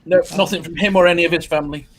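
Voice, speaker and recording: A man co-hosting a casual livestream chat, easygoing and quick to laugh, speaking in short remarks. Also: on the high side, fairly even intonation, crowd noise. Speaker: co-host.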